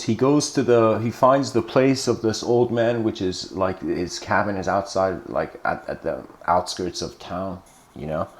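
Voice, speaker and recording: A man's voice: fairly low pitch, a little mellow. A man giving an informal philosophical talk, rambling and correcting himself with many "you know" fillers. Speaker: lecturer. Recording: echoey room.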